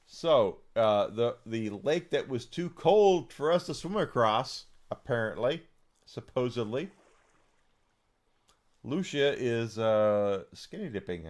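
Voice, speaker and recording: A man's voice: mid-range voice, lively intonation, slow pace, darkish tone. A man streaming a game, chatting with amusement and plenty of filler words. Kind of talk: casual let's-play commentary.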